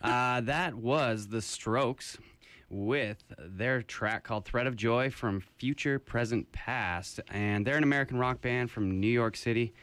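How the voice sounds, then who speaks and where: A man with a raspy voice co-hosting a radio music show, chatting casually about a band. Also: mid-range voice, measured pace, no room sound. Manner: relaxed, rambling delivery with fillers. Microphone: studio headphones and mic.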